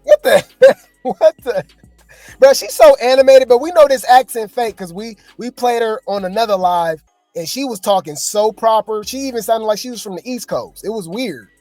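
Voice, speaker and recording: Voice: medium pitch, a little fast, dark tone, dry recording, faint music behind. A host giving casual, slangy reaction commentary, chatting and joking with viewers.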